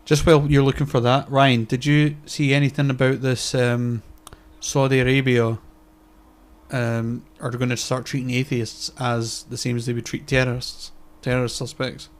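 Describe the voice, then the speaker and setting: A man's voice: medium pitch, flat delivery, moderate pace. A Scottish man co-hosting a podcast, chatting casually, rambling and swearing freely. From Scotland. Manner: sweary, rambling, laughs easily. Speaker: podcast co-host. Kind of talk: casual chat.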